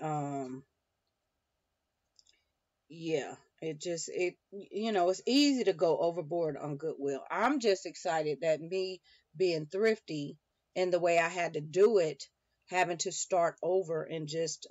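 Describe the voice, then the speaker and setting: Chatty homeschooling mom, muffled sound. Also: female voice, fairly low pitch, darkish tone, no echo. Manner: rambling, many fillers and restarts. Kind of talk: casual chat to viewers. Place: home schoolroom. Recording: dull lo-fi dry sound.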